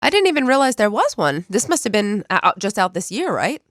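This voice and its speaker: A woman's voice: medium pitch, sing-song, brisk, fairly bright tone, no echo, clean studio sound. A woman co-hosting a podcast, chatty and upbeat, with a nasal voice from a cold. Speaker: podcast co-host, student. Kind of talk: casual podcast chat.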